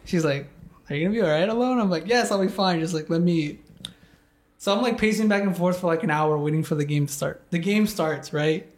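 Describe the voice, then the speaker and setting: A man's voice: on the high side, brisk. Rambling young man swearing through a story. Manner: rambling, heavy use of "like", swears a lot. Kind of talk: casual chat.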